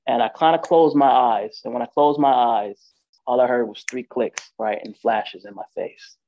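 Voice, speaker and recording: Male storyteller, gravelly and rough at the edges, casual and rambling, dull lo-fi recording. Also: medium pitch, steady tone, moderate pace, a little hiss or hum. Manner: loose and conversational, with frequent fillers and "right?" checks.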